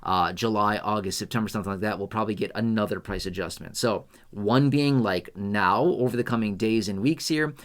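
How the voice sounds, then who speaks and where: A man from the United States giving casual, animated commentary to camera as a finance commentator, often asking rhetorical questions. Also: fairly low pitch, fairly quick, few pauses.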